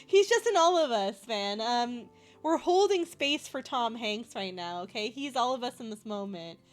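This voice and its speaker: A woman's voice: on the high side, animated, moderate pace. A woman live streamer chatting casually with her viewers, playful and a bit loopy, laughing constantly as she talks.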